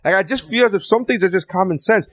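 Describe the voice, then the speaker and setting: An American man swears his way through a casual rant. His voice sits a little high, and he talks with animated energy. The recording is dry and close. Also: fast talker, dry recording. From United States. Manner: profane, ranting, animated. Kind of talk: casual chat.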